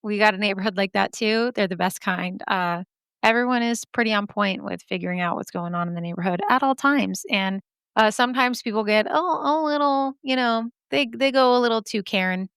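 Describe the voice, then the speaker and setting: A woman's voice: mid-range voice, a little fast, fairly bright tone, smooth, no room sound, clean studio sound. A woman hosting a podcast, chatting casually and candidly about listener stories, swearing freely and laughing at herself. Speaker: podcast host. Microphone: podcast microphone.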